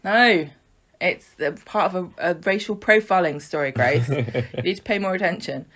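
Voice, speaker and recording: A woman's voice: on the low side, normal speed, a bit bright. A woman co-hosting a podcast, recapping the week's soap opera in a chatty, joking way, with plenty of fillers. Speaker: podcast co-host.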